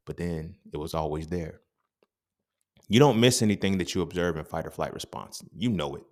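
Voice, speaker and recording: A young adult man hosting a podcast, talking in a casual, animated monologue full of profanity and street slang. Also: low voice, normal speed. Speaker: podcast host.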